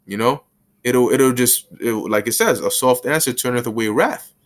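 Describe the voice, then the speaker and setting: Male Bible teacher, mid-pitched, loose street-slang delivery with acted asides. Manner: casual street slang, acts out little scenes with quick voices.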